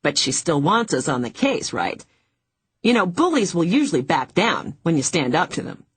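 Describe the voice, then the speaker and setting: A woman voicing an easygoing older brother who teases his sister gently in an audiobook. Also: lowish voice, normal speed, husky, dry recording, exaggerated voice. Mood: teasing. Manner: teasing, relaxed.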